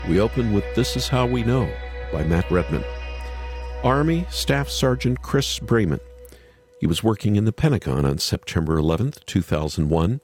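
A man hosting a radio program, narrating a scripted story in a measured way. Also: on the low side, lively intonation, a little mellow, breathy edge, soft background music.

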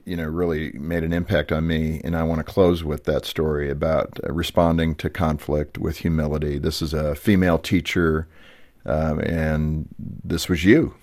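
A man's voice: extremely low pitch, level tone, normal speed, a little mellow. A man hosting a radio interview, asking conversational questions and closing with an appeal to listeners. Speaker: radio show host.

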